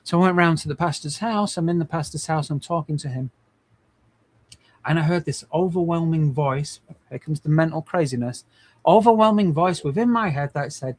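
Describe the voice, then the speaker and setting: A man's voice: on the high side, moderate pace, darkish tone. A man in his forties, hosting a livestream in an earnest, rambling way with many restarts. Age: 40s. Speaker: livestream host. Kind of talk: casual livestream talk.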